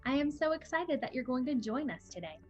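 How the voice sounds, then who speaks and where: A woman librarian with a high voice reads a picture book aloud at a children's storytime, going slowly and animatedly and asking the young listeners questions. The audio sounds dull, with soft music in the background.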